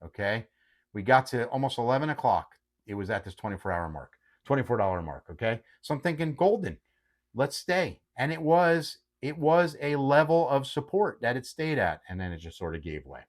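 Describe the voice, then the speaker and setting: A man's voice: medium pitch, fairly quick. A man hosting his own channel, talking casually and animatedly about a stock's day, tagging many remarks with "okay". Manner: animated, repeats okay often. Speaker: host. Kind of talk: casual market commentary.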